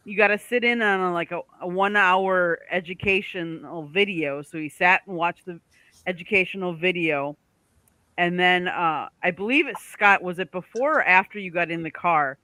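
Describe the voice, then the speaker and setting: A woman's voice: fairly low pitch, moderate pace, pushed and bright, dry recording. A woman co-hosting a casual talk show, chatty, retelling a story and acting out the quotes. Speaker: co-host. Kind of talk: casual radio chat.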